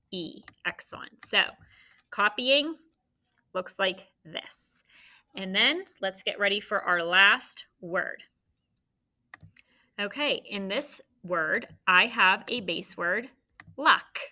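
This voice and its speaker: A woman teacher giving a recorded phonics lesson to third graders, leading repeat-after-me drills in a clear, encouraging way. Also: medium pitch, sharp tone.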